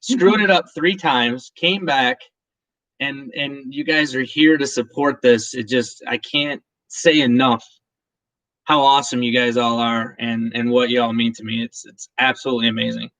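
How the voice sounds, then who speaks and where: A man's voice: medium pitch, steady tone, moderate pace, fairly bright tone, no room sound. A man hosting a whiskey channel's live stream, chatting casually and emotionally with viewers and his partner. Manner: rambling, emotional, laughs often, many restarts.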